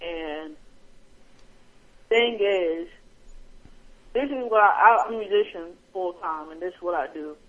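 High-voiced man on a tinny line. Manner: rushed, halting. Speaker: radio co-host. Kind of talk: casual chat.

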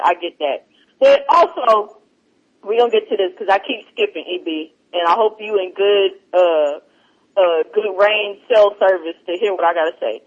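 A man hosting a podcast, telling stories in a casual, animated way with lots of laughter and swearing. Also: high voice, husky. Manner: animated, laughing often, profane. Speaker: podcast host. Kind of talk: casual chat, storytelling. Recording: dull lo-fi podcast audio.

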